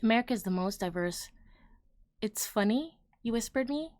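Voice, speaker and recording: Hosting a casual opinion livestream, this woman speaks at normal speed with a fairly high, expressive, slightly mellow voice. She rambles, leans heavily on "like" and "um," chats directly to her viewers, and lets her thoughts trail off.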